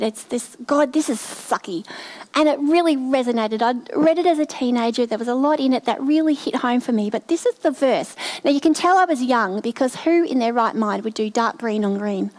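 A middle-aged woman giving a sermon, slow and heartfelt, telling a personal story. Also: fairly high pitch, a little mellow. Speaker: preacher.

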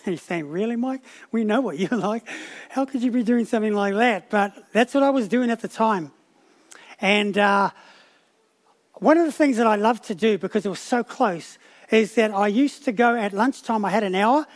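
A man's voice: high voice, moderate pace. A man preaching a sermon, telling a personal story with frequent restarts and repeated words.

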